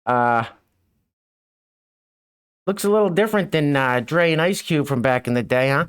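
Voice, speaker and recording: A man's voice: on the high side, lively intonation, moderate pace, long pauses, clear, resonant tone. A middle-aged man hosting a mocking news commentary show, with sarcastic, chuckling asides. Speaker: show host.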